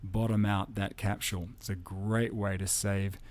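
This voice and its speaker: A man teaching microphone technique in a relaxed, explanatory way, speaking into a studio condenser mic in a home studio and moving around it as he talks. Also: on the low side, moderate pace. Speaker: audio engineer demonstrating microphones. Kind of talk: spoken tutorial with live mic demonstrations. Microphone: studio condenser mic at close range.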